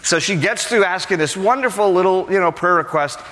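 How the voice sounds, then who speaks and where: A middle-aged man preaching a sermon as pastor, telling a story in a conversational, animated way. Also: sits high, a little fast, in a large hall. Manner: conversational, animated, acts out dialogue.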